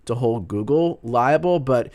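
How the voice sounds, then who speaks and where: A man's voice: mid-range voice, expressive, unhurried, darkish tone. A man co-hosting a public radio talk show in casual chat, with conversational asides. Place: radio studio.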